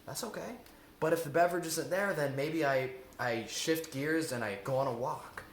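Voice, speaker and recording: A man's voice: on the high side, normal speed, a little hiss or hum. A man coaching viewers in a self-help lesson, earnest and repetitive, often asking rhetorical questions. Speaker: eating coach. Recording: echoey room.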